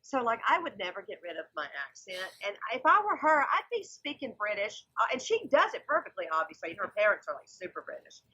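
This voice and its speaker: A woman's voice: medium pitch, sing-song, a little fast, few pauses, pushed and bright, breathy edge, lo-fi sound. A woman in her forties with a Southern US accent, chatting animatedly on a comedy podcast. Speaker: comedian guest. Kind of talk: casual podcast chat.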